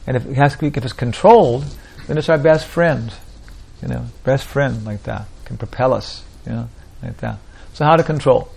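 A man's voice: medium pitch, normal speed, vocal fry, a little mellow, slightly rough. A man teaching a small group in an informal spiritual talk, rambling and repeating "like that, you know" often.

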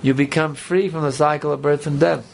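A man's voice: a little high, fairly even intonation, a little fast, vocal fry, slight background noise. A man giving a spiritual talk to a live audience in a conversational, rambling way, with joking asides. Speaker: spiritual teacher. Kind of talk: sermon with audience banter.

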